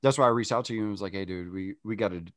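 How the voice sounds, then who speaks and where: Low-voiced swearing podcast host, thirties. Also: male voice, rapid-fire, fairly bright tone, no echo, studio quality. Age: 30s. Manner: rambling, swears casually, repeats words. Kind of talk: casual podcast conversation.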